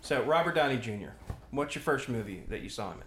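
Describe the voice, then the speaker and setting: A man's voice: mid-range voice, expressive, brisk, a bit bright. Man, podcast co-host, rambling with restarts, echoey room, faint hiss. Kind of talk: casual movie commentary. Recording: roomy echo, faint noise.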